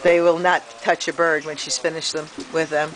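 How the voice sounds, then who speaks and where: With a low-sitting voice at normal speed and a flat delivery, a middle-aged woman chats casually to her pet birds in a sing-song, baby-talk manner, laughing often. She's filming on a porch in the rain with a handheld camera, and the outdoor audio is noisy with rain and bird sounds.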